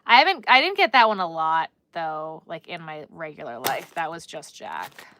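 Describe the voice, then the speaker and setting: A woman's voice: deep voice, expressive, normal speed, pushed and bright, a little hiss or hum. Chatty New Jersey woman on a livestream. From Newark, New Jersey. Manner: chatty and rambling, answering chat while crocheting. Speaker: livestream host. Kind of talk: casual livestream chat.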